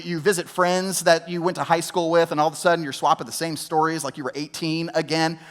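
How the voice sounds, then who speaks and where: A man's voice: fairly high pitch, fairly bright tone. A young adult male pastor preaching a conversational sermon, with rhetorical questions and frequent restarts. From Georgia, US.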